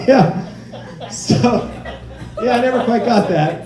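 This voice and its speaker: Animated man doing stand-up. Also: very high-pitched, slow pace, long pauses, roomy sound, far from the mic, crowd noise. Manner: animated storytelling, acting out voices of others. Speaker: stand-up comedian. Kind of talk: stand-up comedy set.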